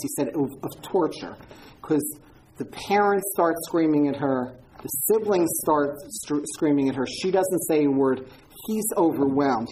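A woman with a low, warm voice gives an informal talk and takes audience questions, telling stories conversationally with repeated words and frequent ums. The recording is low quality, with slight background noise.

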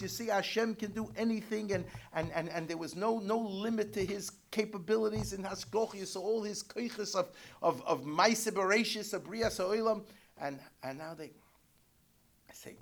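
A man teaching Torah commentary, chanting Hebrew quotes in an Ashkenazi Hebrew pronunciation and explaining them haltingly in English. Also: sits high. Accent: Yiddish-inflected Ashkenazi Hebrew pronunciation.

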